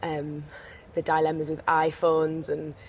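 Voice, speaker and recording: A woman's voice: sits low, completely flat delivery, measured pace, noisy background. Chatty young woman with a Teesside accent. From Teesside, England. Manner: chatty, bubbly, rambling with fillers. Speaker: actress, studio guest. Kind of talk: TV interview.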